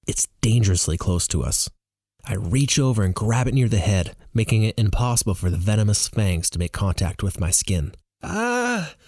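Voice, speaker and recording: A man narrating a novel in the first person with an animated, expressive reading. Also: on the low side, no echo, studio quality. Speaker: audiobook reader.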